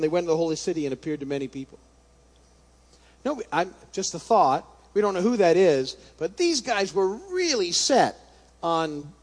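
A man's voice: high voice, a little mellow. A man teaching a casual Bible study, talking conversationally and thinking aloud with restarts, sometimes reading scripture passages aloud.

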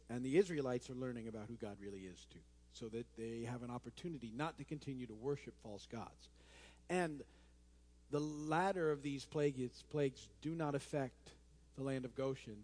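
A man's voice: medium pitch, darkish tone. A male pastor preaching a sermon in a conversational way, with restarts and friendly asides. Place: church sanctuary. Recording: long hall reverb in a church.

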